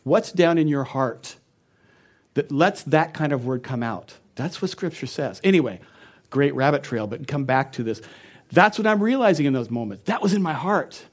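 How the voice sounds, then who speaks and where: A man's voice: a little high, expressive, moderate pace. A middle-aged man, a pastor, preaching a sermon in an earnest and personal storytelling way, often laughing.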